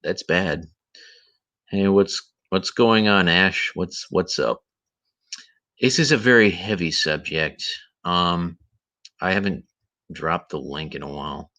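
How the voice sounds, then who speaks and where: Low bright-voiced man ranting indignantly. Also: slow pace, long pauses. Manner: indignant, ranting, repeats himself. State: tired voice. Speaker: livestream host. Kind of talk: heated commentary livestream.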